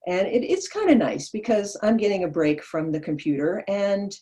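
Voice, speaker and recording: A woman's voice: mid-range voice, lively intonation, normal speed, mellow. A woman from Vermont telling a personal story in an easygoing, conversational way.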